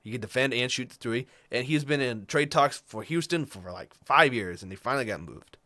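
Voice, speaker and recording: Male co-host, mid pitch, casual chatty delivery, dry close mic. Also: animated, sharp tone, no echo. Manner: rundown of trades, fillers and quick asides. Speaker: podcast co-host. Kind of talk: casual sports chat.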